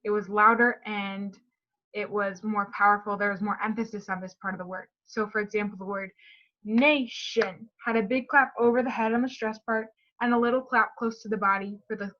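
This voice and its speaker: A woman's voice: mid-range voice, a bit bright. Woman explaining a therapy activity, lo-fi. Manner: explanatory, modeling word stress aloud. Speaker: speech therapy student. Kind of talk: recorded class presentation.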